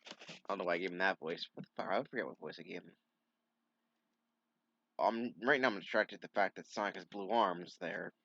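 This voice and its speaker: A man's voice: sits low, fairly quick, creaky, pauses often, pushed and bright, muffled recording. A young man reading a comic aloud with sarcastic, swearing asides. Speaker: comic reader. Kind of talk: casual comic read-along with commentary.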